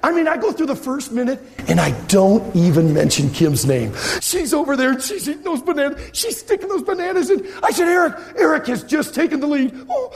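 Animated gravelly-voiced preacher man. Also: very high voice, a little fast, few pauses. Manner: animated, acts out his own shouting and cheering. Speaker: youth pastor. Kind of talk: storytelling sermon.

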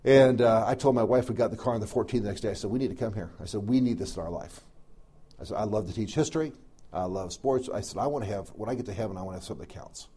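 A man's voice: fairly low pitch, very fast, mellow, husky. A middle-aged man preaching, telling a folksy personal story full of quoted dialogue. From American South. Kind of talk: storytelling sermon.

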